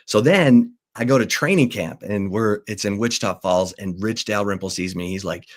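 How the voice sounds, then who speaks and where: Low-voiced man telling a sports story. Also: brisk, few pauses. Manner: acts out quoted people in changing voices. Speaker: sports talk host and former reporter. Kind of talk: animated storytelling.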